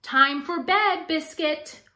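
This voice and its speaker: A woman plays a storybook grown-up who calmly and slowly coaxes a puppy to bed. The voice is bright and a little raised. A roomy echo surrounds it. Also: high voice, pitched above the performer's own voice, heavily acted. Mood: coaxing.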